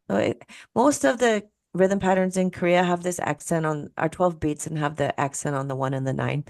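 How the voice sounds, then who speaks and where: Female lecturer on a video call: deep, fry-edged voice, patient, counts beats aloud. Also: steady tone, normal speed, over loud music. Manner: explanatory, counts beats aloud, laughs at her own slips. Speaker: musicology professor presenting.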